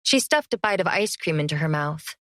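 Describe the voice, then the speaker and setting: A woman narrates a first-person fantasy audiobook in an even, measured storytelling manner. Her voice is low-pitched, and the studio-quality recording has no echo.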